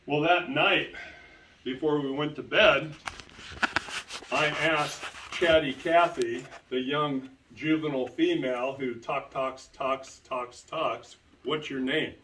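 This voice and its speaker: A man's voice: on the high side, fairly even intonation, slow, background noise. Emphatic male lecturer in a roomy hall. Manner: emphatic, repeats key phrases for stress. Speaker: lecturer presenting to an audience. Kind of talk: public lecture with storytelling. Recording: roomy sound, distant from the mic.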